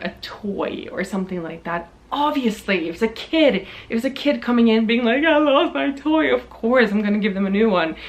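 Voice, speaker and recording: Chatty woman telling a story. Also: medium pitch. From Norway. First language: Norwegian. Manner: chatty and animated, laughs and swears, many fillers. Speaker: vlogger. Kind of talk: storytime vlog.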